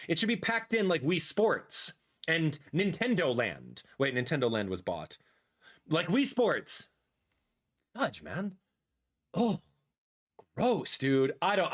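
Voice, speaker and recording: A young man streaming a live reaction, ranting and exasperated, with sudden loud outbursts. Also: on the high side. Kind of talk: casual livestream reaction.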